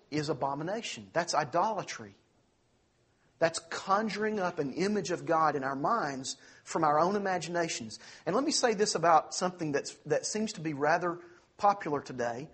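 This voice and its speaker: A man preaching a sermon as pastor, earnest, slowing down on key phrases and speeding through asides. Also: on the high side, lively intonation, a bit bright, slightly rough. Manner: earnest preaching, slows for emphasis, quick asides.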